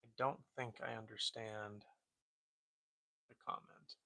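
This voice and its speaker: Soft-spoken gravelly man streaming. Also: little pitch movement, takes it slowly. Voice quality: low gravelly voice, said to sound like a dusty cowboy. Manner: soft-spoken, reads and answers chat comments. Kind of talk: quiet casual live-stream chat.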